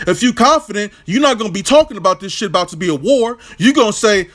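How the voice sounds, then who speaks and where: A man's voice: high-pitched, lively intonation, fast, few pauses, fairly bright tone. A man hosting an opinionated, profane boxing vlog rant, brash and combative. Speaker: boxing commentator, channel host.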